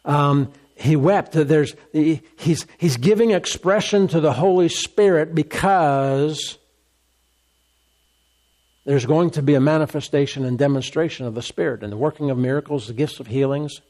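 A man's voice: on the high side, normal speed, darkish tone. A man preaching a sermon, emphatic and repetitive, acting out the dialogue of scripture. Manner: emphatic, repeats phrases, acts out scripture dialogue.

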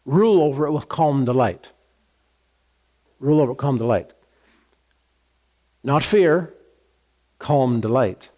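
A man preaching a sermon, emphatic and repetitive, his voice rising high when he gets excited. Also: unhurried, long pauses. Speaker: pastor.

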